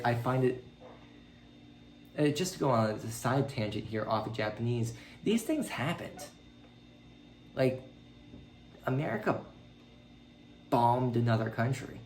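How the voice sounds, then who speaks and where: A man talking casually in a video diary about learning a language. He rambles with many ums and jumps his pitch up when he quotes his own reactions. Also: darkish tone, roomy sound, slight background noise.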